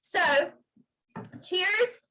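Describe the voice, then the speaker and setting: A woman's voice: very slow, sharp tone, slight background noise, poor audio. A woman giving an emphatic motivational pep talk on a video call, often checking in with "okay?". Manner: emphatic, repeats "okay?" to drive points home. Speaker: guest speaker on a sales team video call.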